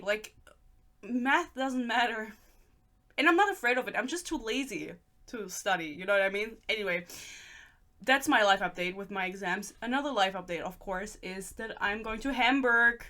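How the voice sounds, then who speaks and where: A woman in her twenties hosts a podcast, speaking English with a German accent in a bright, ringing voice. She chats loosely and mocks herself, with swearing asides. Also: a little high. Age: 20s. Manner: chatty and self-mocking, with swearing asides. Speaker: podcast host. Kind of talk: casual chat.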